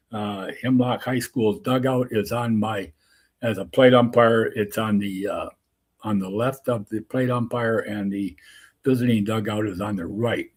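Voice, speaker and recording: A man who works as a softball umpire, telling a rambling anecdote full of restarts and asides. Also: on the low side, husky. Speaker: softball umpire and show host. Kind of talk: casual storytelling.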